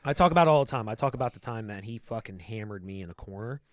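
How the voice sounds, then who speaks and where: A man's voice: lowish voice, lively intonation, racing, no room sound, clean studio sound. A man hosting a podcast in casual chat, blunt and full of swearing, often repeating words as he starts a thought. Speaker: podcast host.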